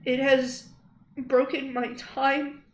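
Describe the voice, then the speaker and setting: Young woman streamer, high voice, slow and halting, upset and angry, in an echoey room. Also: flat delivery. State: shaken after crying. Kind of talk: emotional livestream address. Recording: roomy echo.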